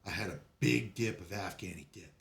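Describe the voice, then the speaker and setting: A man's voice: low voice, a little fast, gravelly, a little hiss or hum. A man telling his old service stories in a casual podcast chat, cursing freely and laughing through his tales. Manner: animated, profane, laughs often while telling stories.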